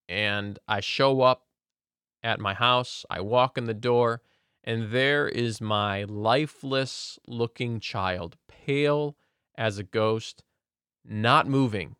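A man's voice: mid-range voice, bright, forceful tone, smooth, no room sound, studio quality. A man earnestly sharing a personal faith testimony in casual conversation, often restarting his sentences.

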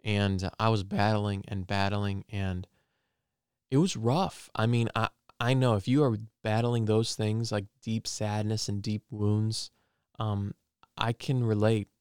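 A man's voice: on the low side, flat delivery, measured pace, darkish tone, smooth, no room sound, studio quality. A man giving an earnest personal testimony and preaching, repeating phrases for emphasis.

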